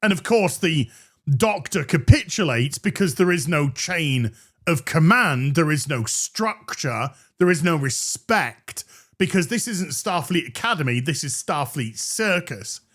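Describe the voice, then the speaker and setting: A man's voice: a little high, animated, unhurried, a bit bright. A man hosting a TV review show, ranting sarcastically with crude jokes and stammered restarts. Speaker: host reviewing a TV episode.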